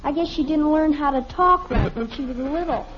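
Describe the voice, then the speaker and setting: A woman's voice: sits high, brisk, a little hiss or hum, lightly acted. A woman playing a chatty, blunt little girl in a 1950s radio sitcom, on a dull lo-fi old radio recording. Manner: blunt, matter-of-fact childish talk.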